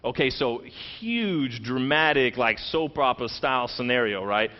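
A man preaching a sermon, retelling a scripture story in animated, conversational language and acting out the quoted lines. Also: mid-range voice, normal speed, lo-fi sound. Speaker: pastor.

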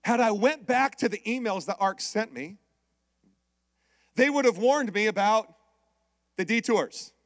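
High-voiced male preacher, dry close sound. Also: measured pace, long pauses, dry recording. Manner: animated storytelling with call-outs to the congregation. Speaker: pastor. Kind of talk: sermon.

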